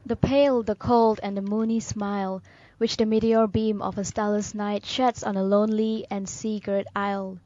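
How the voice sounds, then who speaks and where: Woman reading poetry, solemn and measured. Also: mid-range voice, little pitch movement, mellow, dry recording, lo-fi sound. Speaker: radio show co-host. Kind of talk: poetry reading on a talk show.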